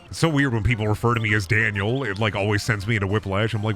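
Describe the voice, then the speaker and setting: A man's voice: fairly low pitch, fairly quick, fairly bright tone, faint music behind. A young man commentating a video game, ranting and swearing in mock frustration. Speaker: streamer. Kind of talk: gameplay commentary.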